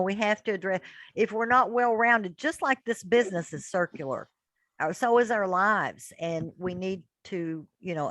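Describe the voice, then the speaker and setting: A woman's voice: medium pitch, no room sound, rough recording. Encouraging woman hosting a group call. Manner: encouraging, upbeat. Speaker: host of an online business group meeting. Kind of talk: casual group video call.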